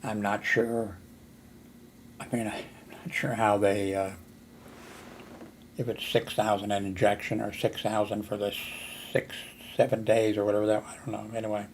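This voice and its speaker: Older man, hard of hearing, low even voice, meandering storyteller, faint background hiss. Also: normal speed, pauses often. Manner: meandering, many fillers and restarts. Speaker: vlogger. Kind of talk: rambling personal story.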